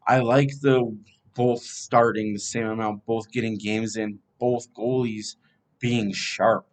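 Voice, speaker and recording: A man's voice: on the low side, steady tone, takes it slowly. A man hosting a fan podcast, casually previewing a hockey team's schedule and thinking aloud as he talks.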